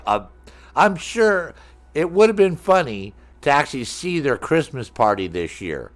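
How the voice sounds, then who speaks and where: A man's voice: medium pitch, big pitch swings, a little slow. A middle-aged man streaming a game, rambling and joking with his chat in a casual, profane way.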